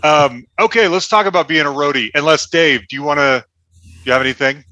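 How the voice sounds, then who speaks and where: A man's voice: fairly high pitch, fairly quick, pushed and bright, no room sound. A man hosting a casual book club chat, adding short reactions and steering the talk. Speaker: host.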